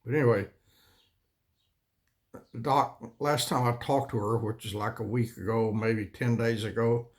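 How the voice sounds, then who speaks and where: A man, hosting his own channel in a folksy, rambling, complaining monologue, often coughing and clearing his throat. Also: mid-range voice, steady tone, unhurried, pauses often. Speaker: channel host.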